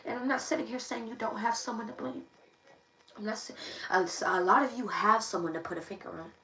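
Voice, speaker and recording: Brisk and creaky, her fairly high voice sounds pushed and bright as she preaches emphatically on her tarot live stream, circling back to the same phrases repeatedly. It's an impassioned monologue captured by a distant mic in an echoey room with a little background noise.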